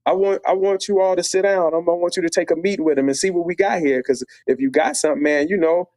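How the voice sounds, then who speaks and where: A man voicing his former boss at a record label, calm and matter-of-fact. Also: on the high side, fast, no echo, clean studio sound, voice pushed up, close to an everyday voice.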